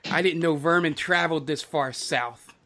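A man's voice: fairly high pitch, moderate pace, bright, forceful tone. Contemptuous male half-orc thug, voiced by a man in a game. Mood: sneering. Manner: contemptuous, taunting. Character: sneering male half-orc tavern brawler.

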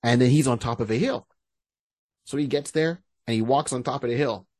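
A man co-hosting a podcast in casual chat, retelling stories in an animated way and acting out the scenes. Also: mid-range voice, fairly quick, dry recording. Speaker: podcast co-host.

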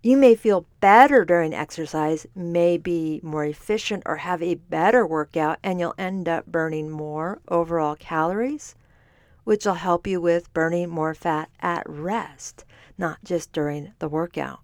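A woman coach talks straight into a close mic in a dry, unechoing recording. Her voice sits on the low side, and she explains in a chatty manner, often catching and correcting her own words. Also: unhurried, no room sound. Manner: explanatory, conversational, self-correcting. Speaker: podcast host, fitness and nutrition coach. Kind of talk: solo podcast talk. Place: standing while recording.

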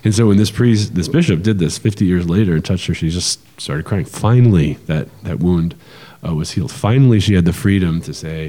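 Deep-voiced man explaining, roomy reverb. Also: moderate pace. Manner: animated, explanatory, with frequent fillers and restarts. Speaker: podcast co-host. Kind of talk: casual conversational podcast talk.

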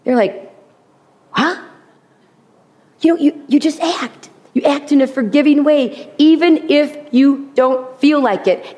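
A woman's voice: sits high, a little mellow. A middle-aged woman giving an earnest faith teaching to a group, acting out quoted speech in changing voices. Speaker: Bible teacher.

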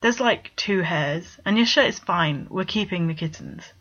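A man's voice: high voice, lively intonation, unhurried, sharp tone, dull audio, heavily acted. A woman voicing a stubborn, playful adult man who pleads and teases to keep some kittens. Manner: pleading, teasing.

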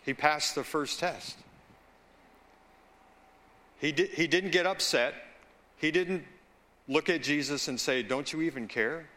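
A male pastor whose voice is a little high and sharp delivers a slow, deliberate sermon, breaking off into storytelling asides and asking the congregation for agreement.

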